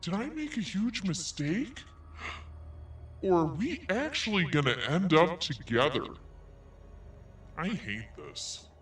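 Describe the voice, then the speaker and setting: A man's voice: sits high, sing-song, slow pace, long pauses, fairly bright tone, exaggerated voice. A man reading as a whiny self-pitying woman. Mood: whiny, dramatic. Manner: dramatic, whiny, self-absorbed. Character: self-pitying woman writing anguished texts. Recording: echoey, distant, with faint music.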